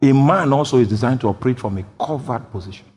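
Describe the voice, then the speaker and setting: Preacher with booming, echoing sermon delivery. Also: male voice, lively intonation, fast talker, husky. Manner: bursts into loud shouted quotes, then drops low. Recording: long hall reverb.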